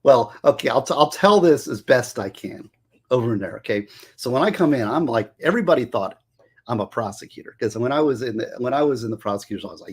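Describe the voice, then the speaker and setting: A man who works as a public defender tells stories about his career in casual, animated talk, acting out the voices of the people he quotes. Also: mid-range voice, fast talker, slightly rough. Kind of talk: casual storytelling monologue.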